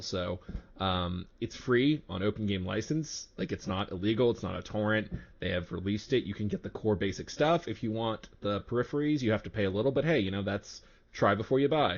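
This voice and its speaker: A man co-hosting a casual podcast who talks loudly and animatedly, laughing often. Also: fairly low pitch, lo-fi sound. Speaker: game master and podcast co-host.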